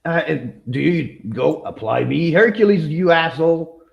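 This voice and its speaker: A man co-hosting a podcast, chatting casually in an animated, rambling way, often restarting his sentences and laughing. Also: fairly high pitch, unhurried, vocal fry, highs cut off. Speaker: podcast co-host. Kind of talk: casual chat.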